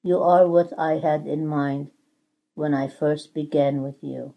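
A woman voicing a patient male potter who calmly explains why each hardship was needed. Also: deep voice, a little slow, vocal fry, lo-fi sound. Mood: gentle. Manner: calm, reassuring. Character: patient male potter, calm and gentle master.

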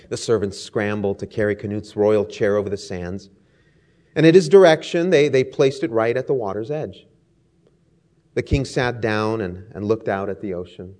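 A man's voice: lowish voice, normal speed, darkish tone. Emphatic male preacher. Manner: emphatic, rhetorical lists, storytelling. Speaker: pastor. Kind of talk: sermon.

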